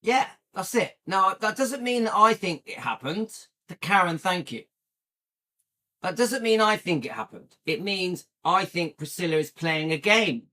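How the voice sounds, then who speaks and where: A man's voice: high-pitched, sing-song, a little slow, pushed and bright. A man hosting his own online channel, talking straight to viewers in an emphatic, repetitive way, circling back to the same points. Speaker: YouTube channel host. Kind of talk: casual direct-to-camera talk.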